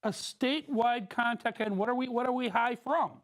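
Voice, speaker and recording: A bumbling TV news anchor keeps repeating himself and tripping over words, as a woman plays the part in an improv scene. The voice is fairly high. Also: fairly quick, close to an everyday voice.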